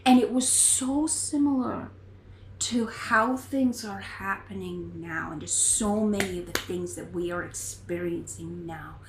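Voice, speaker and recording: A woman's voice: medium pitch, a little slow. A woman hosting a knitting podcast, talking in an earnest, rambling, heartfelt way. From United States. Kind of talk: casual chat. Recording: echoey room with faint noise.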